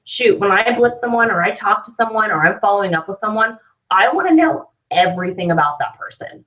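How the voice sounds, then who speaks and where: A woman's voice: mid-range voice, animated, a little fast, fairly bright tone. Woman, sales trainer, upbeat casual talk, a bit far from the mic, dull lo-fi sound. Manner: chatty, upbeat, tag questions like "right?". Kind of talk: online business training talk.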